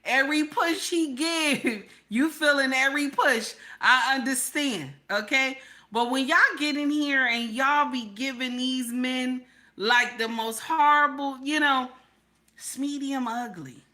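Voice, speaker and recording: A woman's voice: sits high, unhurried, bright, forceful tone. A woman giving blunt, emphatic reaction commentary, often repeating "Okay?" for emphasis.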